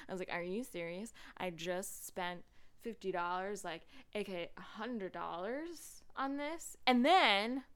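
A young woman hosting a podcast, chatting casually with lots of fillers and quick laughs. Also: mid-range voice, fairly bright tone, smooth. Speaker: podcast host. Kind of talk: casual chat.

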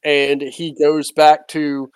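A game master narrating a tabletop game in an unhurried, hesitant way, with many fillers. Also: medium pitch, completely flat delivery, smooth, no room sound.

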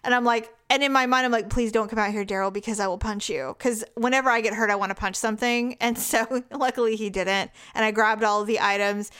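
Smooth-voiced woman telling anecdotes. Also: fairly high pitch, fairly even intonation, fast, hardly any pauses, a bit bright. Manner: chatty anecdotes with laughs and swearing. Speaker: podcast co-host. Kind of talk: casual chat.

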